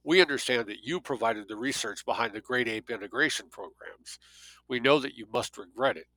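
A man reading as a calm, lecturing male agent. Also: medium pitch, no room sound, lightly acted, low-quality recording. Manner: measured, lecturing monologue.

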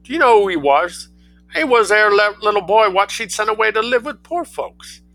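A man's voice: high-pitched, animated, moderate pace, sharp tone, no echo, faint music behind, pitched above the performer's own voice, exaggerated voice. A man reading a story aloud, voicing a poor back-street girl who talks in a colloquial, wondering way. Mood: awed.

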